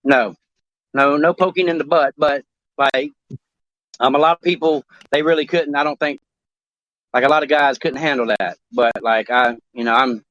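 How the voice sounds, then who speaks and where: A man co-hosting a talk show in crude casual chat, rambling and halting, swearing often. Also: medium pitch, steady tone, a bit bright, no echo. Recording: dry, dull lo-fi sound.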